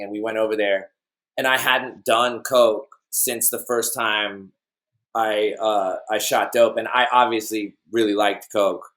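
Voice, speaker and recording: A man telling loose, meandering stories on a podcast, often laughing at himself. His voice sits in an ordinary middle pitch. The talk is relaxed and casual. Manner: rambling storyteller who laughs at his own tales. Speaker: podcast guest. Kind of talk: casual chat.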